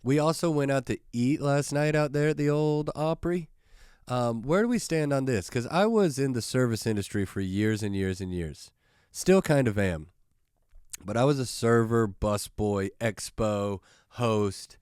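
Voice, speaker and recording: A male podcast host telling casual, jokey stories in a loose, profane, animated way, close to the microphone. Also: mid-range voice, a little slow, clear, resonant tone, no room sound. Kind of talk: casual storytelling chat.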